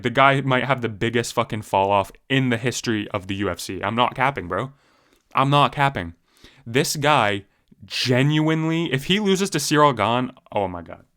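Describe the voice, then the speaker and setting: A man's voice: medium pitch, fairly bright tone. A young man giving profane, heated, casual commentary on fighters, full of slang and fillers. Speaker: MMA commentary YouTuber.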